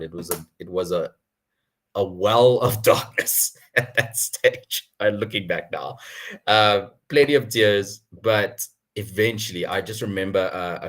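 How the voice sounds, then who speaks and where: A young man telling his career story at an online town hall in an animated way, chuckling often. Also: low voice. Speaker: guest speaker.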